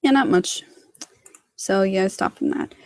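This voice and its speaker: A woman's voice: medium pitch, wildly swooping pitch, a little slow, creaky, a little mellow, dry recording. A woman giving a casual livestream tutorial on her animation work, rambling with lots of fillers. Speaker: hobby sprite animator.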